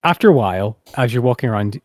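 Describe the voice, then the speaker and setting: A man runs a tabletop game in a hesitant, halting way, filling gaps with ums and restarts. His voice sits in a middle register. The sound is dry and close. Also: mid-range voice, animated, a little mellow, no echo. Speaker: game master.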